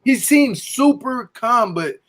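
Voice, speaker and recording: A man hosts a laid-back show chat, and his voice sits high for a man. He talks with emphasis and animation, pressing his points home. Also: slow pace, slight background noise. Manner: animated, emphatic, leans on "to be honest". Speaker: podcast host. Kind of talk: casual chat recapping a reality show.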